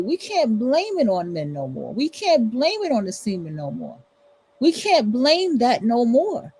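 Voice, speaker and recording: A woman's voice: on the high side, huge pitch swings, unhurried, warm tone, breathy edge, rough recording. A woman hosting a livestream, ranting bluntly and profanely in casual commentary, with features. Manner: blunt, profane, emphatic repetition. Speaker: livestream host.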